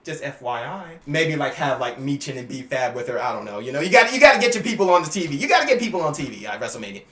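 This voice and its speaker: An excitable man chats through his predictions in slangy, casual speech, with a lively pitch that jumps around. His voice rings in a roomy, echoey space. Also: racing, a crowd in the background. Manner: animated, slangy, excitable, acts out scenes. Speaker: YouTuber giving wrestling predictions.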